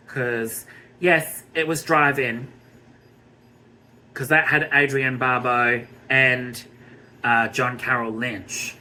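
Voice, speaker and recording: An Australian man giving a blunt, scornful TV review rant, swearing freely and filling pauses with ums. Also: mid-range voice, steady tone, pushed and bright, rough recording. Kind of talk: ranting review vlog.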